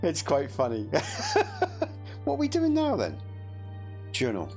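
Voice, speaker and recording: A gameplay streamer talking casually through a game. He chats and laughs easily, often poking fun at himself. His pitch is lively, and faint game music runs under his voice. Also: unhurried. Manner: chatty, laughing, self-deprecating.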